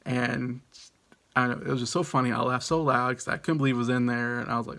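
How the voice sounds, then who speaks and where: Guy in his late 30s doing a top ten vlog, kinda gravelly, rambly, chuckles a lot. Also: mid-range voice, little pitch movement, fast talker, bright, forceful tone. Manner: rambling, chuckling, full of fillers and restarts. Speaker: video host. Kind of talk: casual countdown commentary.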